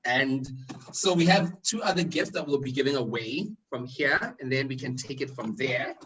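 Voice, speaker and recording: A man's voice: medium pitch, animated, normal speed, fairly bright tone, distant mic, lo-fi sound, slight background noise. A man working as MC of a virtual conference, upbeat and playful, speaking over an online call. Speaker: virtual event MC. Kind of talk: conference hosting.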